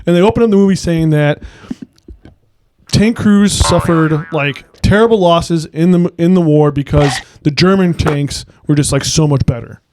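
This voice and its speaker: A man's voice: a little high, normal speed, noisy background. A man co-hosting a casual movie podcast, rambling with lots of "like" and the odd swear. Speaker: podcast co-host.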